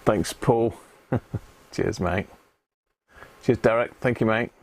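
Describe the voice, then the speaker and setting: A man with a gravelly, somewhat low voice talks casually through a live stream as he works on an old radio. He mutters and thinks out loud between tasks, in a relaxed workshop chat. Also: slow. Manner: muttering, thinking aloud while working. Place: home workshop.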